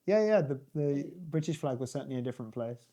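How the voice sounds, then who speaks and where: Guy hosting a relaxed chat, mid voice, excited and rambling a bit. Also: medium pitch, quick pace. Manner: enthusiastic, musing, trails off. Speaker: host and tour guide. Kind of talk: casual chat.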